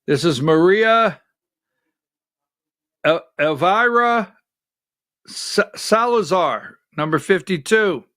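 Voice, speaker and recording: A man with a notably high voice hosts a live political commentary show. He talks in a loose, conversational way and keeps throwing rhetorical questions at his audience. The sound is dry and close, with no room echo. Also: lively intonation, takes it slowly, pauses often, a bit bright. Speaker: political talk show host.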